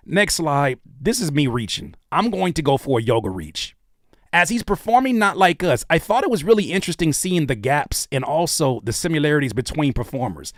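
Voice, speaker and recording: A man giving casual, joking reaction commentary as a YouTube host, animated and often dropping into quiet asides. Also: a little high, normal speed, no echo, studio quality.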